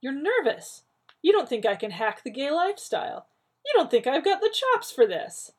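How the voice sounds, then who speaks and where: Woman voicing a brash, fussy man, raised higher and louder, gravelly, husky, indignant. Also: very animated, heavily acted. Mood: exasperated. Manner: quick, indignant and rising. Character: brash, fussy, excitable man, talking fast.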